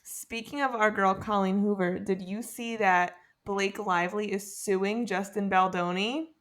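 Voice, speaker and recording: A woman's voice: medium pitch, fairly even intonation, a little slow, a bit bright. A young woman co-hosting a podcast, chatting casually and gossiping with frequent laughs. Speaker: podcast co-host. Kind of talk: casual chat.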